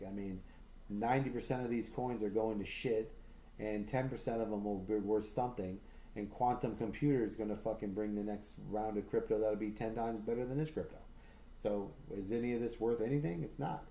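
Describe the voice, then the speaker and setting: A man's voice: lowish voice, steady tone, fairly quick, mellow. A man hosting a livestream in casual chat, rambling and swearing a lot with many fillers and restarts, telling boastful, enthusiastic stories. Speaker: livestream host.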